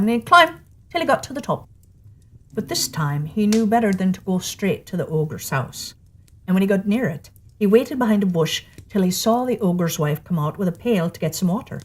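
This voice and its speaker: Woman storyteller, lively read-aloud fairy tale narration. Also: medium pitch.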